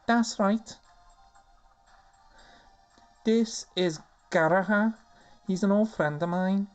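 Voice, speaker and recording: A man's voice: sits high, takes it slowly, smooth, faint music behind, voice pushed up. A man voicing a spirited, bratty young female winged elf in a put-on Scouse accent, sassy and dismissive. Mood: chirpy.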